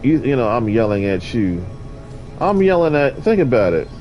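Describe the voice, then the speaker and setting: A man's voice: mid-range voice, sing-song, moderate pace, a little mellow. A man rambling with preachy musings while commenting on his gameplay. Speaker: gamer. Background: game music.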